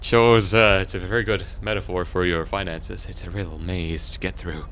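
A teenage boy giving rambling, excitable commentary while playing a video game. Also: deep voice, moderate pace, a little hiss or hum. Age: teens. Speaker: gaming channel host. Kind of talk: gameplay commentary.

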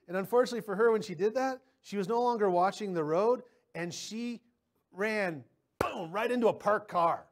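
A man's voice: high voice, moderate pace. A man preaching a sermon as pastor, talking conversationally with personal stories and often repeating words as he starts a sentence.

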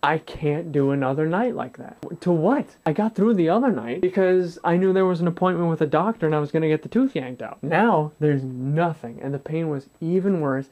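A man's voice: a little high, brisk, hardly any pauses, dark tone. A man in his twenties telling a personal story to camera in a blunt, profane way, acting out what others said. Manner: blunt and profane, swears freely, acts out dialogue. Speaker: vlogger.

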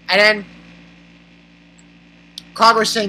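A manga reviewer giving a casual, excited chapter recap, rambling and exclaiming with laughs. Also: mid-range voice, normal speed, pauses often, slight background noise, low-quality recording.

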